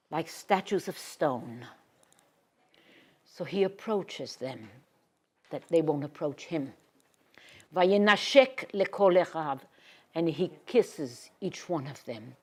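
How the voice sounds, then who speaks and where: A woman giving a Torah lecture. She reads Hebrew verses and then translates them, sinking to a hushed whisper on emotional words. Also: low-pitched. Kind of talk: expressive Bible lecture.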